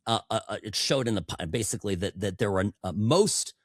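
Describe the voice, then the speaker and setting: Speaking a little fast in a lowish voice, a man hosts a political talk podcast through a studio microphone, offering a sarcastic monologue full of stumbles and repeated words. There's no room sound.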